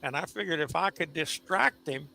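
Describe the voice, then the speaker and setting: A man telling a long injury story in casual live-stream chat, in a slow, drawn-out way. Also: fairly high pitch, vocal fry, sharp tone.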